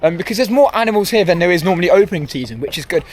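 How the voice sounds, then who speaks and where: A man's voice: sits high, lively intonation, racing, slight background noise. A young man, vlogging outdoors at a theme park, ranting and rambling with frequent self-corrections. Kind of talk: walking vlog commentary. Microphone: handheld camera.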